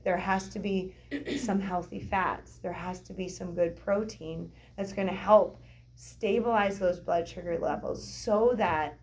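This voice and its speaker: A woman's voice: medium pitch, a little hiss or hum. Chatty woman telling a story. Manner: chatty, animated, acts out quoted voices, laughs often. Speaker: co-host of a nutrition workshop. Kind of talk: casual storytelling talk.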